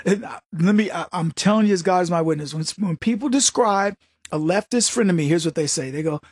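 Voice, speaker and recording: A man's voice: sits high, a little fast, husky, no room sound, clean studio sound. A man hosting a political talk show, delivering an opinionated, mocking comedic monologue. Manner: mocking, mimics opponents in exaggerated voices, laughs at own jokes. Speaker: political commentary host.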